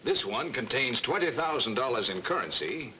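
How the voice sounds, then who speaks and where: A breezy con man, quick with a wisecrack and sure of himself. His voice is very bright and lively in pitch, with faint hiss from the old film. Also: low-quality recording. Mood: smooth. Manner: brisk, confident, wisecracking.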